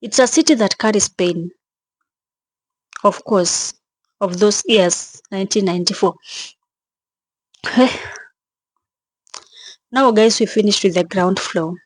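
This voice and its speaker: A young woman vlogging with emotion, speaking in a halting way, repeating herself and sounding tearful and shaken. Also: medium pitch, slightly rough, no echo. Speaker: travel vlogger. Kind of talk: emotional vlog narration.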